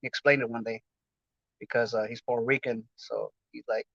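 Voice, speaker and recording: A man's voice: mid-range voice, fairly even intonation, a little fast, vocal fry, fairly bright tone, breathy edge, no echo. A man from Los Angeles hosting his podcast in a casual, rambling, slangy chat full of fillers. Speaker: podcast host. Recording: dull lo-fi dry sound.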